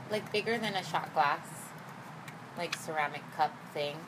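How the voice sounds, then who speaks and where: A woman chatting casually as a guest in a car, relaxed and full of filler "likes". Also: deep voice, noisy background. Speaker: guest, host's wife. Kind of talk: casual chat.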